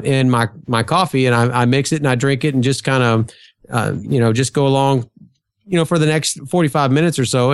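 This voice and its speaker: A podcast guest, male, talks at length in a casual conversation, chatty and full of fillers as he tells stories. His mid-range voice is smooth, and the studio-quality recording has no room sound.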